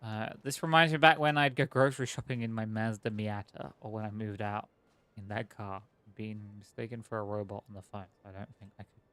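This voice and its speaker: A man's voice: on the low side, fairly even intonation, a little fast, pushed and bright, smooth, dry recording. A man streaming a game, chatting in a rambling, joking, self-mocking way. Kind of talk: casual gameplay commentary.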